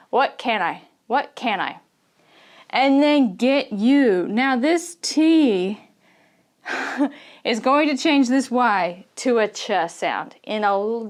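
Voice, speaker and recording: A young woman teaching English pronunciation, telling stories in an animated way and laughing often. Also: fairly high pitch. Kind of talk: casual teaching to camera.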